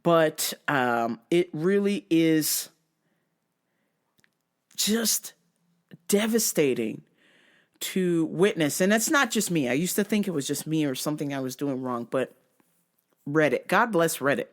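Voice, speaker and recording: A woman's voice: low-pitched, expressive, a little slow, long pauses. A woman host ranting casually, brash and profane, telling stories with bursts of laughter. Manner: self-described masculine, brash. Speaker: podcast host. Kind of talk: casual rant.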